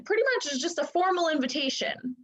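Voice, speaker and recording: A woman's voice: sits high, fairly quick, fairly bright tone. A young adult woman coaching in casual talk, full of "like" and "right?", acting out inner voices with whispers and gasps. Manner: chatty, lots of "like" and "right?" fillers. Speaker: human design coach. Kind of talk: casual teaching monologue. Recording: dull lo-fi sound.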